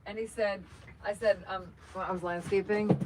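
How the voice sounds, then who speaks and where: A woman's voice: mid-range voice, fairly even intonation, normal speed, slight background noise, poor audio. A woman hosting a casual livestream, chatting in a rambling, self-joking way as she moves around her truck outdoors, filmed on a phone. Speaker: channel host. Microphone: phone camera.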